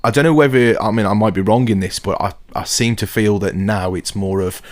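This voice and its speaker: A man's voice: on the low side, brisk, dry recording. A man in his thirties with a West Midlands accent, hosting a podcast in a chatty, storytelling way and calling his guest mate. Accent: West Midlands English. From Telford, England. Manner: chatty, calls guest mate, tells stories. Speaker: podcast host and MC. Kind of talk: casual podcast interview.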